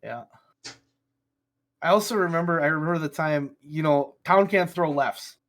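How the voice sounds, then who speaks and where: Profane, excitable man, slightly high voice. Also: normal speed. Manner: swears freely, laughs through animated stories. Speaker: podcast co-host. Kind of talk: casual chat.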